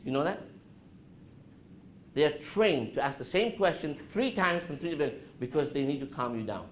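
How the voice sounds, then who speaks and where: Animated man lecturing a college class. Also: moderate pace. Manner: animated, asks the audience questions, drops his voice low to show calm. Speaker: guest speaker at a college business class. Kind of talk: interactive talk to students. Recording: roomy classroom with faint noise.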